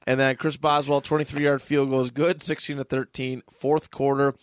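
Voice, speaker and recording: A man's voice: mid-range voice, level tone, normal speed, no echo. A man co-hosting a casual sports podcast, running through game scores with jokey asides. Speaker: podcast co-host. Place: small dry home studio. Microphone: desk mic in a home studio.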